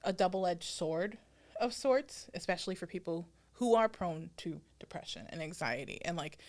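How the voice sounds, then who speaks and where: A woman co-hosting a podcast in casual chat, thinking aloud in a reflective way with lots of filler words. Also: medium pitch. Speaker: podcast co-host.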